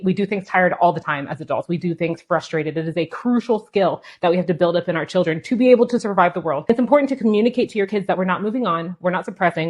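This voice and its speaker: A woman's voice: on the low side, darkish tone. A woman, a parenting creator, talking earnestly and persuasively in a casual, conversational way straight to her viewers. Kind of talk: casual explanatory talk to camera.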